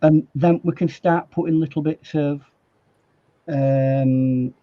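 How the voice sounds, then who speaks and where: A man's voice: fairly high pitch, fairly even intonation, slow, highs cut off. A man with a Yorkshire accent giving a live watercolor demonstration, joking and rambling as he paints. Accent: Yorkshire English. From Yorkshire, England. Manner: jokey, rambling, laughs often. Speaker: guest artist demonstrating watercolor. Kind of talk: live painting demo chat.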